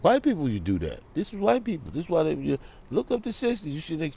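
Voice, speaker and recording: A man ranting preachily in a casual monologue, talking low and quietly at home in the early morning. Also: sing-song, quick pace, vocal fry, slightly rough. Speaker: vlogger.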